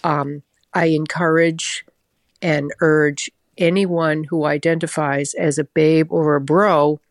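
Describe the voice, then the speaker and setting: Gravelly, wry female caller. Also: low voice, flat delivery, slow, no room sound, clean studio sound. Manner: wry, joking. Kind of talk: recorded call-in message.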